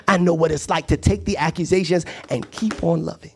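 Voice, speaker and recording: A man's voice: fairly high pitch, lively intonation, fast, few pauses, a little mellow, slightly rough. A man preaching a sermon as pastor, building to rising, impassioned cadences. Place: church sanctuary.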